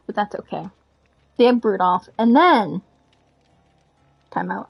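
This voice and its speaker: A woman's voice: mid-range voice, lively intonation, unhurried, vocal fry, long pauses, breathy edge. A young adult woman telling a story in a rambling, casual way, frank and swearing freely. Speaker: gaming vlogger. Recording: dull lo-fi recording.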